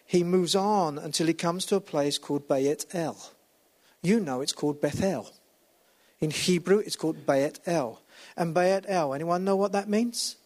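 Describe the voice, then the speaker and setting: A man preaching a sermon, walking about as he talks, swinging between loud emphatic highs and low hushed lines. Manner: walks about while preaching. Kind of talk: lively sermon.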